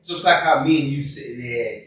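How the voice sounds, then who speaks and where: A man chatting casually as a podcast co-host, lively and agreeable, laughing often. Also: mid-range voice, fairly quick. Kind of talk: casual chat. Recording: echoey room, far from the mic.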